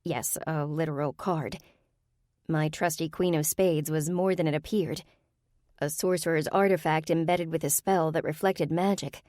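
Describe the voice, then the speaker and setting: Lady reading an audiobook, lowish voice, dry close sound, kinda wry. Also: steady tone, moderate pace, darkish tone, no echo. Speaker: audiobook narrator. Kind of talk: first-person audiobook narration.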